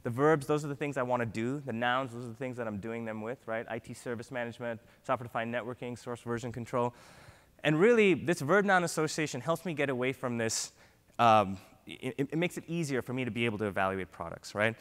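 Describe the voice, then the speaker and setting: A man giving an energetic conference keynote, often ending points with a quick "right?". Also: mid-range voice. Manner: energetic, frequent "right?" tags. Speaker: keynote speaker. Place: large conference hall. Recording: long hall reverb.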